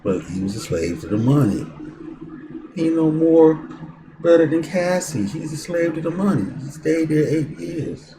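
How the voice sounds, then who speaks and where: A man's voice: a little high, expressive, a little slow, noisy background. A male host giving live news commentary, exclamatory and profane, repeating himself.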